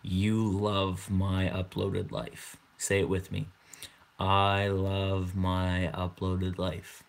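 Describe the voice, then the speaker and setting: A young man doing a slow, hushed mock hypnotist. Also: low voice, completely flat delivery, gravelly, exaggerated voice. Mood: hypnotic. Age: 20s. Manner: slow, hushed, drawn-out commands.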